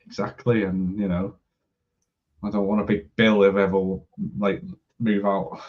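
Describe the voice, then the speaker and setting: Chill guy in his 30s, talks real slow, swears and laughs a lot, kinda muffled sound. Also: lowish voice, level tone. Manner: laid-back, swearing, quick to laugh. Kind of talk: casual chat.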